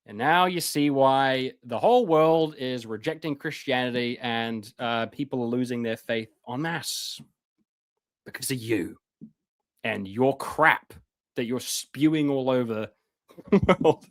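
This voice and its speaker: A man's voice: medium pitch, unhurried. A man giving a live-stream lecture in an impassioned, sarcastic way, with many fillers and restarts.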